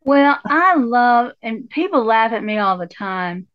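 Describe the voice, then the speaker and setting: A folksy woman chats casually on a podcast, her voice sitting a little high. She swears now and then and laughs easily. The sound is dry and slightly dull, like a lo-fi home mic. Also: animated, a little slow, smooth, dry recording. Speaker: podcast co-host. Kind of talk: casual chat.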